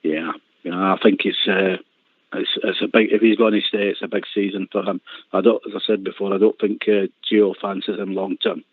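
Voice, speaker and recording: A man's voice: low voice, little pitch movement, fairly quick, slightly rough, dry recording. A man co-hosting a football phone-in, talking hesitantly with many restarts. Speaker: co-host. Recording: dry tinny phone line.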